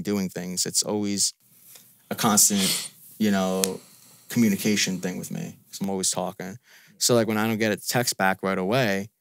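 A man's voice: fairly low pitch, smooth, no echo, studio quality. A man venting in a frustrated, repetitive, profane way in a casual podcast chat. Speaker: podcast guest.

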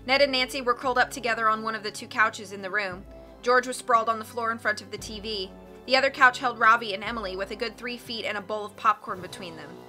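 Woman narrating a novel, very bright voice, slightly high, soft music underneath. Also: fast. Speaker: audiobook reader. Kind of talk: reading a novel aloud.

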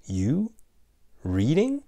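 A man putting on a sharp-tongued frontier wife. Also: mid-range voice, wildly swooping pitch, very slow, pitched above the performer's own voice, exaggerated voice. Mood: scolding.

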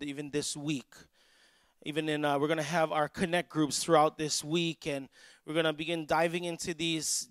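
A man delivers a sermon with a somewhat high-pitched voice. He tells stories with quoted dialogue and then builds to emphatic, raised peaks. The sound is dry, with little room echo. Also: a bit bright. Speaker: pastor.

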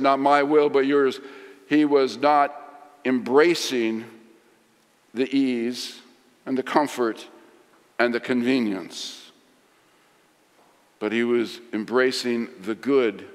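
A middle-aged man preaching a sermon, swinging from loud emphasis to hushed lines. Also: mid-range voice, steady tone, slow, long pauses. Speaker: pastor. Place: large church sanctuary. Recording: long hall reverb.

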